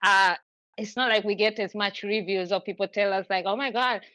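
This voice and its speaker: A woman's voice: medium pitch, flat delivery, normal speed, pushed and bright, no echo, rough recording. A woman hosting a podcast, chatting effusively in long run-on stretches. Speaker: podcast host. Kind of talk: casual chat.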